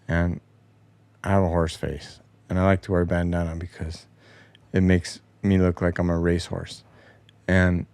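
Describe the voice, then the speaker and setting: A man's voice: low voice, dry recording. A man voicing a smug, self-absorbed male basketball star who brags in a mocking way.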